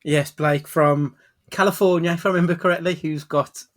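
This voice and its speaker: Higher-voiced British podcast host. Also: male voice, fairly even intonation, moderate pace, fairly bright tone. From United Kingdom. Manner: dramatic storytelling build-up. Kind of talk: casual chat and scripted film intro. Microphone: webcam.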